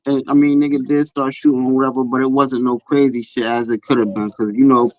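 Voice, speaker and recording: A man's voice: medium pitch, level tone, brisk, a little mellow, no room sound, rough recording. A man speaking as a guest in casual chat, blunt, with street slang and repeated words.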